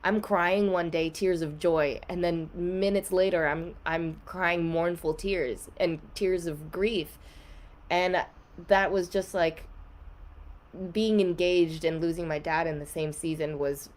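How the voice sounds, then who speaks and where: A woman's voice: on the low side, a little mellow. A young woman guest on a podcast, candidly telling an emotional personal story in a casual way, with many "like" fillers.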